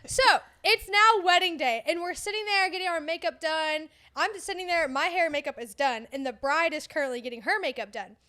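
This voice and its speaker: A woman's voice: extremely high pitch, a little fast, hardly any pauses. A young woman co-hosting a podcast, telling a story in casual chat and acting out what everyone said. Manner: animated storyteller acting out quotes. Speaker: podcast co-host.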